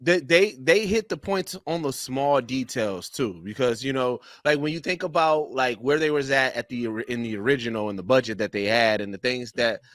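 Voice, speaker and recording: A man chatting on a podcast panel in a bright, forceful voice. He rambles through his points and fills gaps with stock phrases. The recording is dry and close. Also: mid-range voice, no echo. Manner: rambling, leans on "you know what I'm saying". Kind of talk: casual podcast chat.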